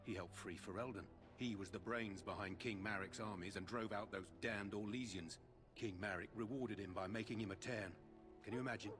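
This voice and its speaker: A man's voice: on the low side, steady tone, fairly quick, natural voice. An actor playing a chatty castle guard who talks admiringly about his commander. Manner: admiring, gossipy. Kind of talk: video game voice acting.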